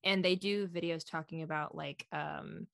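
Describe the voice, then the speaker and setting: Gravelly-voiced woman chatting excitedly. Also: low-pitched, normal speed, no room sound, clean studio sound. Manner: chatty, excitable, lots of fillers. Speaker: guest. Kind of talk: casual podcast chat.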